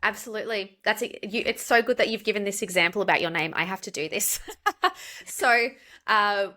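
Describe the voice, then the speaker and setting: A woman's voice: on the low side, bright, forceful tone. A woman with an Australian accent, a pronunciation coach, chatting in an interview and spelling out examples. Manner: explains with spelled-out examples and laughs. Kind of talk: casual interview chat.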